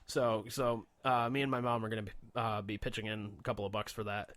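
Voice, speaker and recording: A man's voice: lowish voice, little pitch movement, brisk, a bit bright, no room sound. A man co-hosting a radio show, telling a long story in a casual, rambling way, with frequent swearing and fillers.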